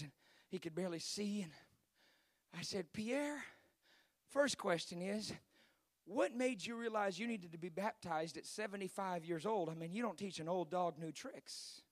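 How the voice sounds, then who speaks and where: A high-pitched male preacher telling a story from the pulpit. He is animated, dropping low and quiet for the retelling and then rising to shouted peaks. The sound is close and dry. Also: moderate pace, dry recording. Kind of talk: sermon storytelling.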